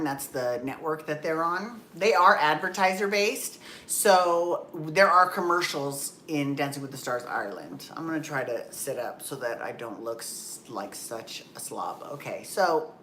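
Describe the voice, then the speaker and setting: A woman with a low voice talks casually to her viewers from home. She rambles, stumbles and restarts, and drops the odd curse. The room around her sounds echoey. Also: pushed and bright. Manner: rambling, self-correcting, candid and swears. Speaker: vlogger. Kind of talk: casual chatty vlog. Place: home, just out of the shower.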